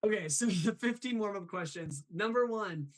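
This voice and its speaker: A man's voice: high-pitched, animated, moderate pace. A young man hosting a casual live stream, laughing often and reading chat messages aloud. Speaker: host of a live show.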